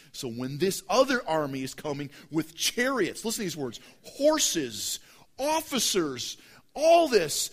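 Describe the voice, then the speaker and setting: Emphatic male preacher. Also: a little high. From United States. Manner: emphatic, repetitive, swings from loud to hushed. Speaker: pastor. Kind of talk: sermon.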